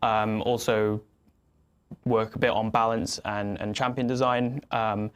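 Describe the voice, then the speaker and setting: A man's voice: on the low side, a little slow, clear, resonant tone. A man in his twenties, a game designer guest, answering casually with lots of fillers and a modest tone. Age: 20s. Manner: relaxed, filler-heavy, modest.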